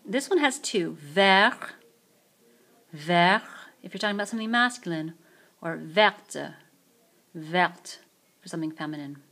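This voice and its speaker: A woman teaching French vocabulary in a screencast, saying each phrase slowly and then repeating it. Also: fairly low pitch, animated, pushed and bright. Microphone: tablet mic.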